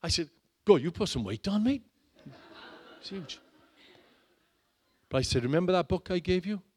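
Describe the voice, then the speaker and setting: Preacher man with a high voice. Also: animated, moderate pace, slightly rough. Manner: dramatic, swings between loud urging and hushed low lines. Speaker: pastor. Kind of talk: sermon.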